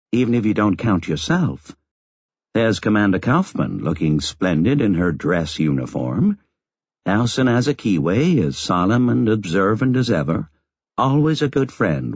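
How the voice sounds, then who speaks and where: A man's voice: deep voice, big pitch swings, measured pace, breathy edge, no echo, highs cut off, full character voice. A man voicing a wry older nun.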